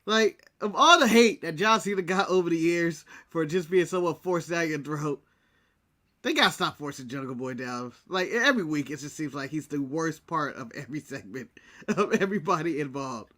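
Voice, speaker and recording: A man's voice: a little high, lively intonation, moderate pace, bright, forceful tone. An American man co-hosting a casual wrestling recap show, talking bluntly and laughing often. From United States. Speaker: podcast co-host.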